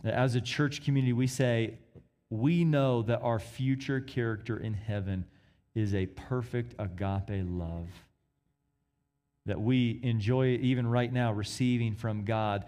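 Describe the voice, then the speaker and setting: Expressive male preacher. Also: medium pitch, unhurried. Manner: expressive, swings from emphatic to hushed. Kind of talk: sermon.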